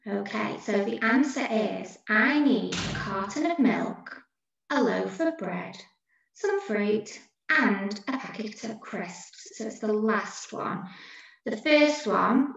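A primary school teacher walks her pupils through a recorded lesson, patiently and encouragingly going over each answer step by step. Her medium-pitched, fairly bright voice is animated and slow, with a gravelly edge. The audio is dull and very echoey, picked up from a distance.

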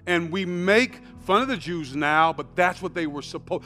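Man, American pastor, high voice, sermon, conversational then shouting, repeats words, church, faint music behind. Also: normal speed, hardly any pauses. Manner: swings from quiet conversational asides to loud shouted emphasis; repeats words and restarts phrases. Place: church sanctuary.

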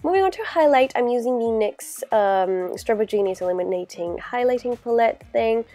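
A young woman talks her way casually through a makeup routine, her voice stuffy and congested from a cold. Her tone is mellow and soft at the edges, and she rambles with plenty of "like" and "you know". Faint music plays underneath. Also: fairly high pitch, expressive, normal speed. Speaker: beauty vlogger. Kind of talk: casual makeup tutorial talk.

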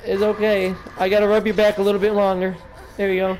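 A man's voice: high voice, completely flat delivery, quick pace, a little mellow, some chatter behind, rough recording. A drunk man giving rambling, taunting commentary on his own gameplay. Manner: taunting, rambling, talks to the game. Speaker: gamer streaming his play.

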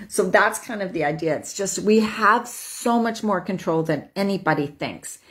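A woman's voice: medium pitch, normal speed, fairly bright tone. A woman in her fifties giving a casual self-help talk, chatty, tagging her points with "right?" and laughing as she goes. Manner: chatty, frequent "right?", laughs while talking. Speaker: host.

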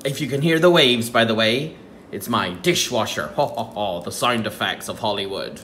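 A man teaching a children's phonics lesson from home, sounding out words slowly and playfully. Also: on the low side, animated, a bit bright. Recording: faint dishwasher hum at home.

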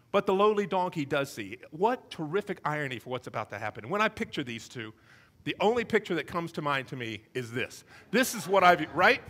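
A male pastor delivering a sermon in a bright, high voice that swoops up and down. He tells the story with animated, comic acted-out voices.

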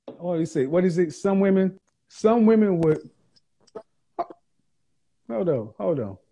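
A man's voice: high voice, lively intonation, measured pace, warm tone. A man hosting a livestream, reading viewer comments aloud and mocking them with sarcastic, repeated punchlines. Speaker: livestream host.

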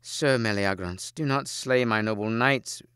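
A man's voice: on the low side, measured pace, fairly bright tone, smooth, no room sound, clean studio sound. A man voicing a noble queen in a storybook reading, pleading earnestly.

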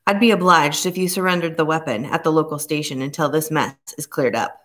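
A woman reading the part of a stern male police inspector who speaks slowly and grimly. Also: deep voice, fairly bright tone. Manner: slow, measured and grim.

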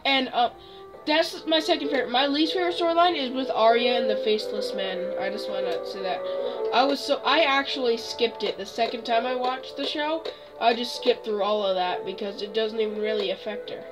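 Chatty young woman with a slightly high voice doing gaming commentary, loud game music under her. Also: a little fast, rough recording. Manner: chatty and exclamatory. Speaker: gaming video host.

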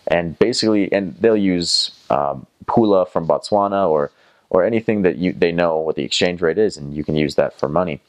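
A young man from North Carolina with a Southern American accent. His voice sits very low, and he tells his story loosely, with plenty of fillers and false starts. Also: normal speed. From North Carolina, USA. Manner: rambling, many fillers and restarts. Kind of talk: casual storytelling.

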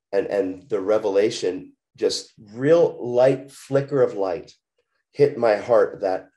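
Deep-voiced man telling an earnest story. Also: normal speed. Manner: earnest, animated storytelling with many restarts. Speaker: guest. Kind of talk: testimony in an interview.

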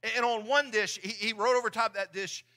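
A man's voice: high voice, fairly even intonation, brisk, bright, forceful tone. A middle-aged man preaching a sermon in church, earnest and often repeating his words as he talks. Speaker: pastor. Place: church sanctuary.

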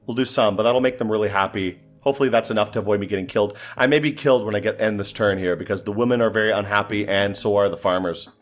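A man's voice: fairly low pitch, quick pace, hardly any pauses, soft background music. A man giving casual, exasperated gameplay commentary, talking to himself and swearing as things go wrong. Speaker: gaming commentator.

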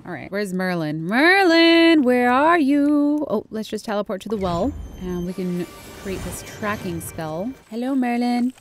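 A woman's voice: medium pitch, normal speed, hardly any pauses, darkish tone. A woman in her thirties giving casual, chatty gameplay commentary, giggling and exclaiming at what she finds. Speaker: game streamer. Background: faint game music.

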